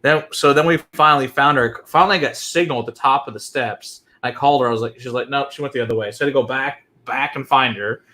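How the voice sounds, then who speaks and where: Profane, animated man telling stories. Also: mid-range voice, quick pace, hardly any pauses. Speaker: whiskey show co-host. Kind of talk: casual chat.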